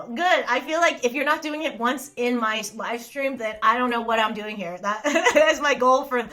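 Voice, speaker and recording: A bright-voiced young Californian woman hosts a live stream, reading viewer comments aloud and riffing on them. She rambles, giggles and mocks herself, full of fillers and restarts, with a voice pitched a little high. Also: normal speed, hardly any pauses. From Los Angeles, California. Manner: giggly, rambling, self-mocking, frequent fillers. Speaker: livestream host.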